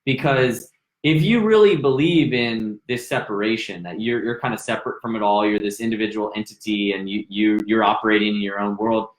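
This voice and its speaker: A man's voice: on the low side, fairly quick. A man hosting a podcast, talking in a reflective, musing way in casual conversation. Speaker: podcast host. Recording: roomy echo.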